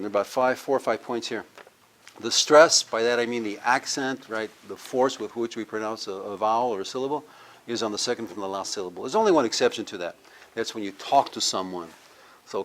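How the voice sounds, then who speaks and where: A man, a university professor, giving a live language lecture, explaining step by step and having the audience repeat words after him. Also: fairly low pitch. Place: cultural center with a live audience.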